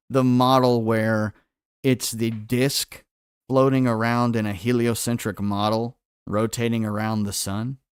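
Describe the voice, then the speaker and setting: A livestream host with a medium-pitched, clear, resonant voice runs a quiz-style stream, asking his viewers questions and reading their answers from the chat. The audio is studio quality with no echo.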